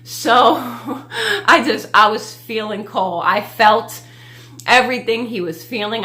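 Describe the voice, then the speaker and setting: A woman's voice: medium pitch, bright, forceful tone. A young adult woman casually recapping a reality show, chatty and gushing, with lots of fillers.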